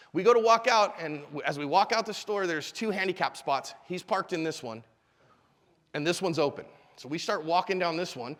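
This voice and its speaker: A middle-aged self-defense instructor gives a live seminar talk in a convention hall, his high voice moving a little fast. He tells stories animatedly, acting out the people and their quotes, and the hall adds an echoey reverb.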